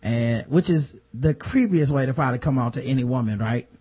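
A man's voice: medium pitch, fairly quick, warm tone, breathy edge. A man hosting a casual podcast, joking through a slangy, crude episode recap. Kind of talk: casual chat.

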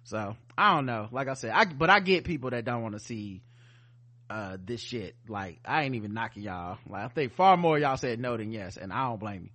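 A man's voice: mid-range voice, expressive, normal speed, pushed and bright. A man co-hosting a casual podcast chat. He laughs often and reads listener comments aloud. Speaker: podcast co-host.

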